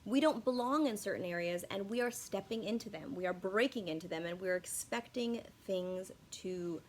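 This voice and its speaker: A woman's voice: mid-range voice, normal speed, slight background noise. A young woman talking casually to her viewers in a rambling, profane, self-deprecating way, often losing her words and restarting. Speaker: YouTube commentator. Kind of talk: casual unscripted video monologue.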